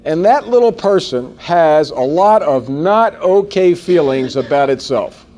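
Folksy sales trainer, man in his forties, fairly high voice, lively and conversational with the room. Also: measured pace. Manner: animated, folksy, quizzes the audience. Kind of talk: seminar talk to a live audience.

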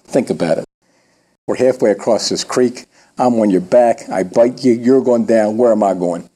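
A man voicing a sly spider in a spoken fable, talking in a calm, persuasive way with a husky voice. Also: on the low side, moderate pace, voice pushed down. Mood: coaxing. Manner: matter-of-fact, persuasive. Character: sly scheming spider, male, small.

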